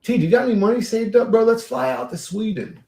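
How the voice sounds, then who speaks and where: A man's voice: extremely high pitch, quick pace, vocal fry, mellow, reverberant. A man hosting a livestream, rambling casually and profanely while reading and answering chat. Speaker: livestream host.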